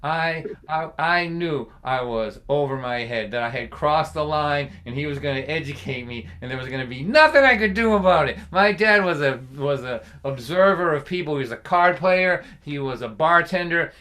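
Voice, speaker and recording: A man telling a funny family story on a livestream, chatty and animated and laughing along as he goes. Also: on the high side, normal speed, hardly any pauses. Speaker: folk singer and storyteller.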